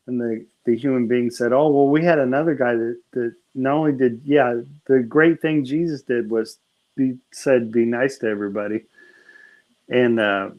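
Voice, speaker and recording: A man's voice: medium pitch, a little mellow, rough recording. A man chatting casually at home, rambling and retelling comedy bits while laughing at his own jokes. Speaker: conversation partner. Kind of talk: casual chat.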